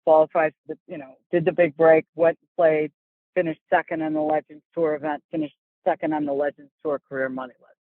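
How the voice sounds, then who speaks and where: A woman's voice: low-pitched, a little fast, no echo. A woman golf instructor, a guest in an interview, telling candid stories and acting out the voices in them. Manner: animated, acts out voices in her stories. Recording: dry, phone-like call audio.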